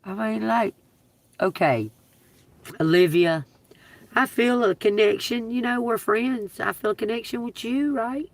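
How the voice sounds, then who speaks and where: A woman with a gravelly, creaky edge holds forth on a phone livestream. She tells her story in an animated, emphatic way, swearing freely. The sound is close and dry. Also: a little high, a little slow, dry recording. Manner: animated, profane, emphatic retelling with laughs. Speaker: livestreaming tarot reader.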